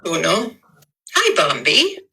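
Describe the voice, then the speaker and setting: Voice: mid-range voice, huge pitch swings, takes it slowly, vocal fry, bright, forceful tone, slight background noise, rough recording. A livestream guest, talking bluntly and dismissively in casual chat, swearing freely.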